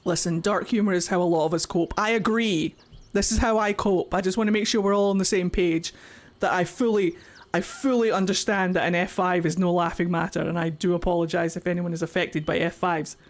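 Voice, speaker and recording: A woman's voice: fairly low pitch, steady tone, a little fast. A woman live-streaming a game, chatting with viewers in a crude, giggly way and laughing often. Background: game music.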